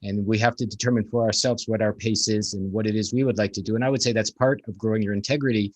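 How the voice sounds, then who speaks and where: Lowish-voiced man musing reflectively. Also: fairly even intonation, fast talker, no room sound. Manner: rambling, reflective, many "you know"s. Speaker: podcast host. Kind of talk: casual conversation.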